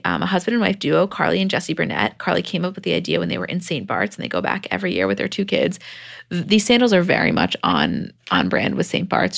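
A woman's voice: lowish voice, vocal fry, fairly bright tone. A woman co-hosting a podcast, chatty and casual, recapping with fillers and laughs. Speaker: podcast co-host. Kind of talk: casual chat and ad read.

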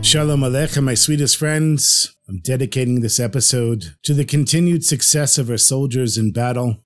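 A man narrates a traditional tale for his podcast in an ordinary mid-pitched voice. His telling is warm and heartfelt, and he gives the characters lively voices of their own. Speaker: podcast host and storyteller. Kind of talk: storytelling narration.

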